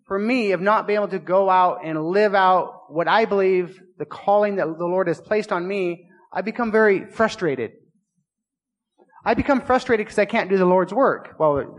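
Guy pastor preaching, earnest and kinda confessional, repeats himself a lot, slightly high voice, long echo in the church. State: recovering from illness. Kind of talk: sermon. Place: small church.

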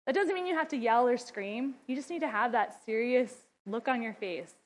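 A woman's voice: fairly high pitch, animated, moderate pace. A middle-aged woman giving parenting advice in a casual talk, chatty, often laughing, and acting out how she scolds her kids. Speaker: mother and ministry wife giving parenting advice.

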